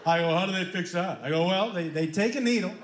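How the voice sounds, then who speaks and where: A man doing stand-up comedy, telling an animated story and playing both sides of the dialogue. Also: sits high, fast, very noisy. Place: comedy club stage with live audience. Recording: live club room echo with crowd laughter.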